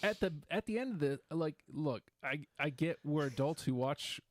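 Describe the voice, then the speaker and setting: A man's voice: on the high side, animated, moderate pace, no echo, clean studio sound. A man co-hosting a podcast in easygoing casual chat, rambling with many fillers. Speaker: podcast co-host.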